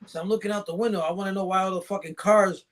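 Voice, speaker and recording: Man, high voice, casual, profane, rambling, laughs often, podcast guest. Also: steady tone, racing. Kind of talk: casual storytelling chat.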